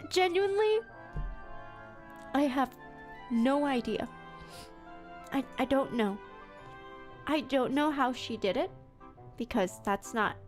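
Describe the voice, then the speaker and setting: A woman streamer chats to her viewers with a high, bright-pitched voice. She tells her stories animatedly, laughing often and restarting her sentences. Faint music plays behind her. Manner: animated storytelling with frequent laughter; self-repeating, stumbling restarts. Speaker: VTuber streamer. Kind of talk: casual chat stream.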